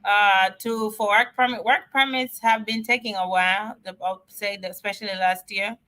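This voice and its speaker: A woman answering immigration questions on a live stream, chatty and excitable, often repeating herself. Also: mid-range voice, moderate pace. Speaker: immigration advisor.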